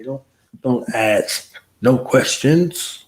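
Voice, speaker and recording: A man hosting a relaxed late-night livestream, talking casually and joking with a co-host. His voice sits at an everyday middle pitch, and his manner is loose and playful. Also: measured pace, low-quality recording. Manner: playful, joking, laid-back.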